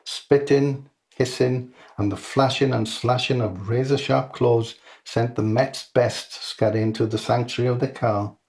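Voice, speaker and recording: A man reading his own comic short story aloud in a dry, deadpan manner. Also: medium pitch, measured pace.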